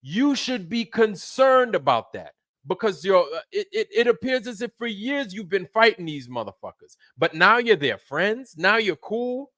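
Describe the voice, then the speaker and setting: A man's voice: sits high, very animated, normal speed, a bit bright, dry recording. A man hosting his channel, delivering an angry, profane rant full of repeated phrases. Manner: heated, profane, repeats himself. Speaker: channel host.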